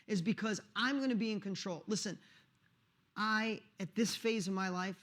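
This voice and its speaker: A middle-aged man telling his life story to an audience as a motivational speaker, earnest and emphatic, often repeating words. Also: high-pitched. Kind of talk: emotional personal storytelling.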